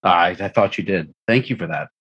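A man voicing a friendly male merchant at a dinner, speaking in a relaxed way. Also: low voice, normal speed, husky, lo-fi sound.

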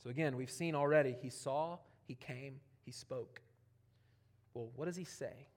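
A man preaching a sermon, animated and conversational, swinging from loud emphatic passages to quiet, near-whispered ones, with casual asides. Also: medium pitch, moderate pace. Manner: conversational, with casual asides and playful quoted voices. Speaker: pastor.

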